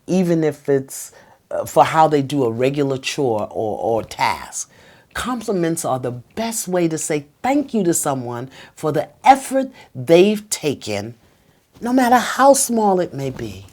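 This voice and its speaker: A middle-aged woman hosting a relationship advice show, speaking straight to the viewer in an emphatic, preachy way that drops to a soft whisper for the guided phrases. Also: low voice, sing-song, a little slow. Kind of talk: talking straight to the viewer with tips.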